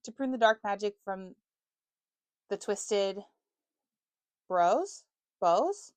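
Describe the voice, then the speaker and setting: A woman's voice: medium pitch, fairly even intonation, measured pace, darkish tone, no echo. A woman in her twenties chatting casually to camera about books, self-mocking and stumbling over words now and then. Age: 20s. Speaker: book vlogger.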